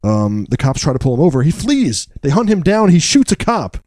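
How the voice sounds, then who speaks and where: Guy doing a jokey deadpan movie recap on a podcast, mellow low-key voice, dry close sound. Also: fairly quick, no echo. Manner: wry, joking, deadpan asides. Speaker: podcast co-host recapping a film. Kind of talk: casual comedic film recap.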